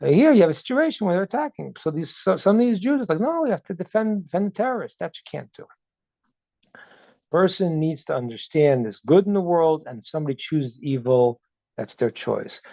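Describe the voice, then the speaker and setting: A man's voice: on the high side, expressive, a little fast, gravelly, warm tone, no echo. A man teaching as a rabbi over a video call, earnest, repeating words as he builds a point and retelling stories with dialogue. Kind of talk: Zoom teaching talk.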